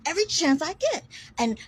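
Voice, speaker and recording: Fiery, foul-mouthed woman ranting. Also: high-pitched. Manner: combative, heavy swearing, defiant; emphatic, repeats words for force. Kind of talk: profane personal rant to camera.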